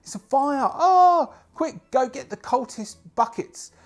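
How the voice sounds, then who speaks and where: A man voicing a panicking male cultist in a shrill, flustered voice. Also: animated, slow, heavily acted. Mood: panicked.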